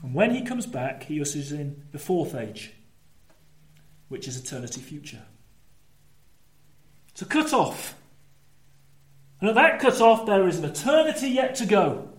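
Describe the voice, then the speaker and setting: A male preacher with a fairly high voice delivers a sermon in a church. He moves between lively, rising storytelling and dropped, emphatic asides. The room around him rings with echo.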